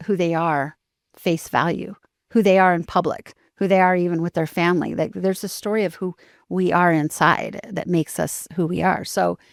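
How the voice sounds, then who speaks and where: Animated storytelling woman, low-pitched. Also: no echo, clean studio sound. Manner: animated, acts out dialogue with lively shifts. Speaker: podcast guest, author. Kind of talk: storytelling in a podcast conversation.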